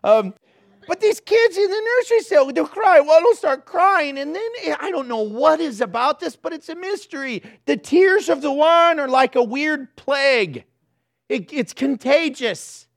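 High, gravelly-voiced joking preacher man. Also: animated, unhurried. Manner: joking, self-mocking storytelling. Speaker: pastor. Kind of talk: sermon.

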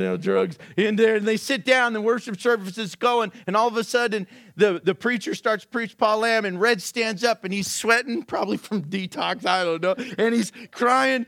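A man preaching a sermon, telling stories with lively swings and asking the congregation rhetorical questions, sometimes dropping to low, quiet asides. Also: gravelly, dry recording, studio quality. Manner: animated storytelling with sudden drops to a low, quiet aside. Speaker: pastor.

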